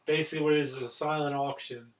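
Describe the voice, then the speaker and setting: A man co-hosting a podcast, summarizing a film's plot in a relaxed, casual way. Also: a little high, fast, far from the mic, poor audio. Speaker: podcast co-host. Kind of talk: casual film discussion.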